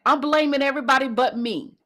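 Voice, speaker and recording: A woman's voice: sits high, fast talker, fairly bright tone. A woman host and coach giving a passionate motivational talk, driving points home by repeating phrases.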